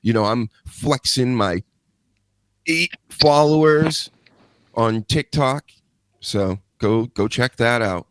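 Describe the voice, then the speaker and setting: A male host in loose, joking chat who swears without a second thought. His voice sits in the middle of the male range, and the sound is close and dry with no room echo at all. The talk is relaxed and unscripted. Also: medium pitch, slow pace, pauses often, clear, resonant tone. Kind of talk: casual live show chat.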